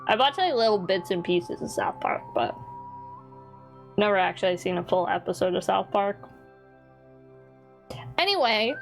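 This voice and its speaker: A woman streamer giving casual commentary while playing a game, playful and rambling, mock-yelling at her chat. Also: mid-range voice, big pitch swings, normal speed, creaky, pauses often, over music.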